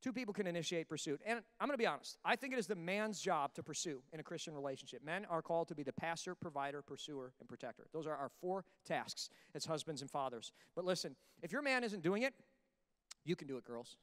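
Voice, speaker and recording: A man preaching a sermon as pastor in an animated way, breaking into acted asides. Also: fairly high pitch, fast, long reverb tail. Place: church sanctuary.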